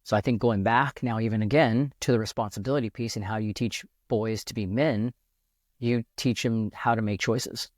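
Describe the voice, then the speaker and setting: A man's voice: fairly low pitch, fairly even intonation, moderate pace, no room sound. Earnest man musing in a dry room. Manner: earnest, thinks aloud with restarts. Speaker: podcast guest. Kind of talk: reflective casual conversation.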